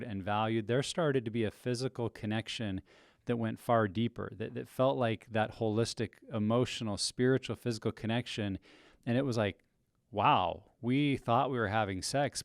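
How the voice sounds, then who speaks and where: A man speaking on a podcast in a thoughtful, measured way, with frequent fillers as he reflects. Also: mid-range voice, dry recording, clean studio sound.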